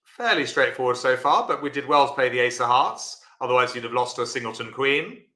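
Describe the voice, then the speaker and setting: A man's voice: medium pitch, lively intonation, fairly quick, sharp tone, roomy sound. A man teaching a live-streamed bridge lesson, chatty and encouraging, answering viewers by name.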